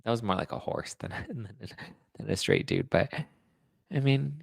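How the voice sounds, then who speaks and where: A man's voice: mid-range voice, animated, moderate pace, gravelly, dry recording. A man hosting a pop culture live show, chatting casually to his viewers with sarcastic asides. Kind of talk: casual live-chat commentary.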